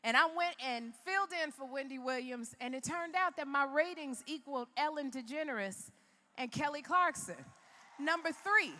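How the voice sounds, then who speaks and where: A woman's voice: high-pitched, moderate pace, sharp tone, big-room sound, slight background noise. A woman from Chicago giving a motivational keynote speech in a large arena, telling her story in an emphatic, preacher-like way. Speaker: keynote speaker.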